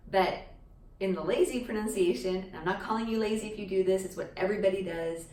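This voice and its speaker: A woman's voice: mid-range voice, moderate pace, darkish tone. A woman teaching a casual language lesson, explaining step by step and checking in with "okay" and "right?". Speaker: Cantonese teacher. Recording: echoey room, a bit distant from the mic.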